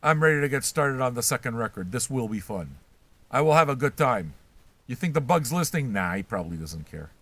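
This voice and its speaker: Older male host, crude shouty rant, bright voice, swings up and down a lot. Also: medium pitch, sing-song, fairly quick, dry recording. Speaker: host reacting to records. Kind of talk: casual profane rant.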